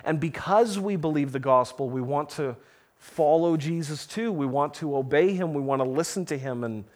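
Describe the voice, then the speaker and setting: A man preaching a sermon, reading scripture and explaining it earnestly, with slow emphatic pauses. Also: fairly high pitch, a little mellow. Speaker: pastor.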